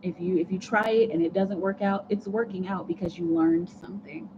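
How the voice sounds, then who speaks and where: A woman's voice: on the low side, fairly quick. A woman hosting a casual livestream, chatting with viewers, laughing often and rambling with restarts. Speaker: tarot reader livestream host. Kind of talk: casual livestream chat reading comments. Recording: muffled lo-fi audio with clear background noise.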